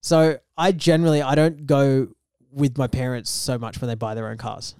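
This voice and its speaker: A young man, co-hosting a podcast and telling a story in lively casual chat, acting out the voices of the people in it. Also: mid-range voice, normal speed, clean tone, no room sound, clean studio sound. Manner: animated storyteller, acts out quoted voices. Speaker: podcast co-host.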